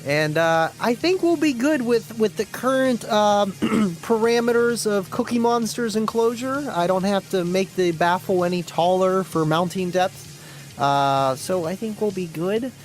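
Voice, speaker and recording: A man hosting a casual live stream, chatting in a rambling, friendly way, reading viewer comments aloud and often clearing his throat. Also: sits high, measured pace, soft background music, poor audio.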